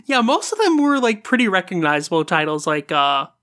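A podcast co-host in a relaxed casual chat, using frequent fillers. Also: medium pitch, a little fast.

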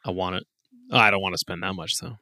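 A man's voice: low-pitched, fairly even intonation, quick pace, sharp tone, dry recording, clean studio sound. A man co-hosting a casual gaming chat, laughing often and swearing freely. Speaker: podcast co-host.

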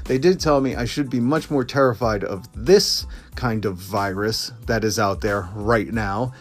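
A man's voice: on the low side, unhurried, hardly any pauses, faint music behind. A man hosting his own podcast, talking casually in a rambling, jokey way with lots of asides. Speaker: podcast host. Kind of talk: casual solo podcast monologue.

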